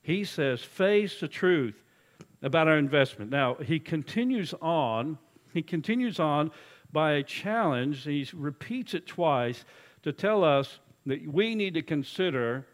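A man preaching a sermon as executive pastor, telling folksy stories and swinging between loud urging and quiet low asides. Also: animated, takes it slowly.

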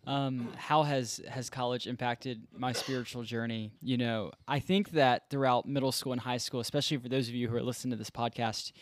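A man's voice: mid-range voice, fairly even intonation, a little fast, few pauses, slight background noise. A young man, a former intern who works with college students, talking earnestly in casual podcast chat and acting out bits of dialogue. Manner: earnest, conversational, reenacts dialogue. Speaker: former intern, campus ministry worker.

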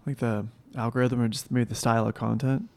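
A man in relaxed casual conversation, talking loosely with many fillers. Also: medium pitch, brisk, gravelly. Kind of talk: casual chat.

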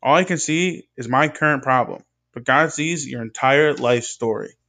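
A young man giving a scripted devotional talk with an earnest, measured preaching cadence. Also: medium pitch, bright, forceful tone. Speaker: speaker in a devotional video.

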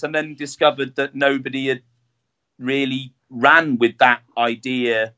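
A man's voice: medium pitch, level tone, a little slow, bright, forceful tone. A man, a town jester being interviewed, talking casually with many fillers and restarts. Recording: dull lo-fi sound.

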